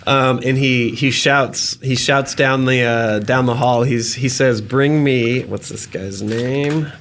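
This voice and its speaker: A man narrating as dungeon master in a tabletop game, slowly painting vivid, gross scene details and laughing at them. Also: mid-range voice, steady tone, fairly bright tone, a little hiss or hum.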